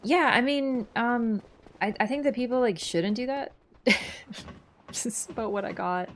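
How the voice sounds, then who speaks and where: A woman's voice: a little high, measured pace, a little hiss or hum. A young woman from Canada chatting casually and sarcastically as she livestreams a game, rambling with many asides. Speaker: streamer. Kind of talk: casual livestream chat over gameplay.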